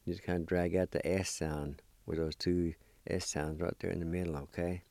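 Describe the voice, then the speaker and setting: A man's voice: sits low, flat delivery, normal speed, creaky, darkish tone, no room sound. A man teaching word pronunciation, sounding words out syllable by syllable in a patient, encouraging way. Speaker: language teacher. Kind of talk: pronunciation lesson.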